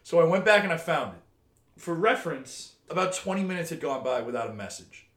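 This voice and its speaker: A man with a fairly high voice co-hosts a casual podcast chat, and his heated, swearing rants spill out as stories. The recording carries a roomy echo. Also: big pitch swings, a little fast, a bit bright. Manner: heated, swearing rant storytelling. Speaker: podcast co-host.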